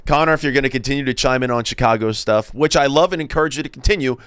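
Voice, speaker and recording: A man's voice: medium pitch, rapid-fire, fairly bright tone, clean tone, no room sound. A man in casual sports-podcast banter, rambling, laughing often and restarting his sentences. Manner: rambling, laughs often, talks while chewing.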